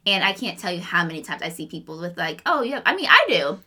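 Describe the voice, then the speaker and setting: A woman co-hosting a podcast in casual chat, earnest and thinking out loud. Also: on the low side, sing-song, fast. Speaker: podcast co-host.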